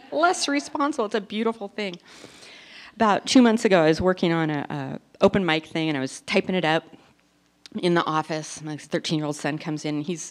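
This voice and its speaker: A woman in her forties performing a self-deprecating stand-up comedy routine, telling stories with animated delivery. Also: on the low side. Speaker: stand-up comic.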